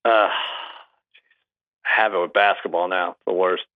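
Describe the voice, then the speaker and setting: A man who is a regular guest on a podcast, telling stories in a deadpan, teasing way. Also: deep voice, unhurried. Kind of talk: casual chat. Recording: dull, muffled remote line.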